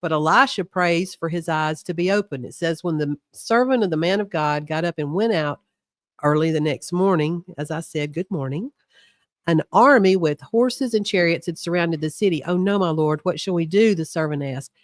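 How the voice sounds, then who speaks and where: A woman's voice: fairly low pitch, normal speed, no room sound. Woman co-host, bible study, reads verses then jokes about them, dry close sound. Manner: chatty asides and laughs between read passages. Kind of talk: Bible study discussion, reading scripture aloud.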